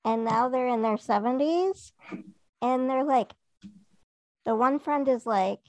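A woman's voice: high voice, takes it slowly, darkish tone, no room sound. A woman co-hosting a podcast in casual chat, telling rambling stories and acting out what others said. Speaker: podcast co-host.

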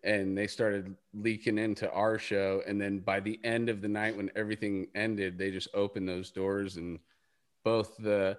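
Low-voiced man rambling casually. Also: flat delivery, a little slow. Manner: rambling, fillers, swearing. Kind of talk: casual chat.

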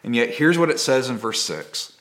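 A man preaching a sermon as a pastor, telling the story in a conversational, dramatic way and dropping to a hush at key moments. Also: medium pitch, sing-song, normal speed. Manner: conversational and dramatic, with repeated phrases.

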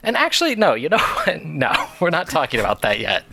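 A man co-hosting a podcast in casual chat, animated and laughing often. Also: on the high side, fairly quick, gravelly. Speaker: podcast co-host.

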